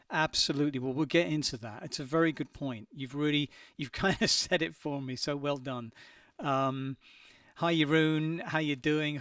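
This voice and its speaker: A man's voice: fairly high pitch, fairly bright tone, no room sound, clean studio sound, far from the mic. A man hosting a casual livestream, reading out viewer comments in a friendly, chatty way with many hesitations.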